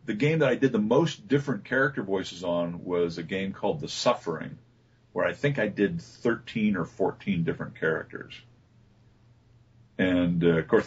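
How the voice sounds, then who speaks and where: A man, a voice actor being interviewed, telling relaxed stories about his work with many fillers and restarts. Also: low voice, slightly rough. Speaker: voice actor guest. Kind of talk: casual interview talk. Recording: dull lo-fi recording.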